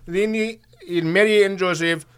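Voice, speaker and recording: A man imitating an earnest parish priest with an Indian accent, preaching in a slow, halting, sing-song way. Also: sits high, steady tone, a bit bright, pitched above the performer's own voice.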